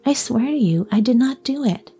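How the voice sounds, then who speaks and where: A woman's voice: a little high, lively intonation, moderate pace, mellow, slightly rough, faint music behind, voice pushed up, heavily acted. A woman putting on a surly old carpenter. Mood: indignant.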